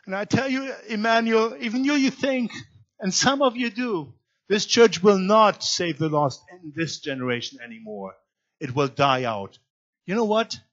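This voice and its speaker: Man, guest pastor, sermon in a church, high voice, slightly muffled recording. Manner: swings between loud emphatic preaching and quiet low asides. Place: church sanctuary.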